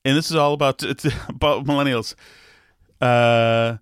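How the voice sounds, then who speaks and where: A man's voice: medium pitch, fairly even intonation, clear, resonant tone, dry recording, clean studio sound. A man talking casually on his own, hesitant with many restarts, laughing as he reads comments aloud. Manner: halting, many restarts, laughs while reading. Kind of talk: casual solo talk, reading comments aloud.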